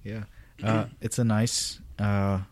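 A man's voice: fairly low pitch, level tone, slow pace, darkish tone. A man co-hosting a casual beer tasting chat, chatty and hesitant, laughing often. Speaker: beer podcast co-host.

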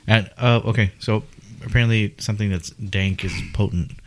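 A man's voice: fairly low pitch, fairly even intonation, normal speed, a little hiss or hum. A man in a casual beer-tasting chat, joking and playful with the others. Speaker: co-host.

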